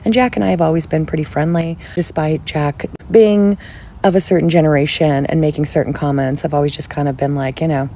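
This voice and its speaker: A woman's voice: low-pitched, fairly even intonation, fairly quick, warm tone, a little hiss or hum, low-quality recording. A woman telling a story in a casual rant, blunt, angry and profane.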